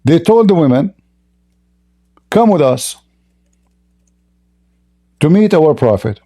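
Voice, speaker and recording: Scornful man with a dark, mellow voice. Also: fairly high pitch, very animated, slow. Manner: mocking, scornful, repeats rhetorical questions. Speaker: religious debate host. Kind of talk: combative religious debate monologue.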